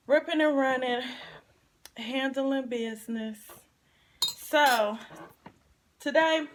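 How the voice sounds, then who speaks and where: A woman, chatting casually in a pregnancy update and eating vlog, her nose stuffy and running. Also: fairly high pitch. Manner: chatty and expressive, drawn-out repetitions. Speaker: vlogger.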